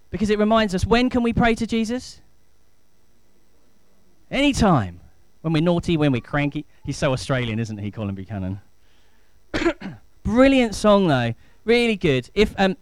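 A man's voice: high voice, very animated, normal speed, pauses often, no echo. A man in his thirties, a pastor giving a chatty, enthusiastic family talk in church. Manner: chatty, enthusiastic, rising to emphatic.

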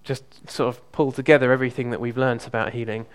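A man preaching in an easy, conversational tone. His voice sits at an ordinary middle pitch, and he often pauses with "um" and backs up mid-phrase as he tells his story. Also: smooth. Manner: relaxed, hesitant, frequent ums and restarts. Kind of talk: conversational sermon with personal testimony.

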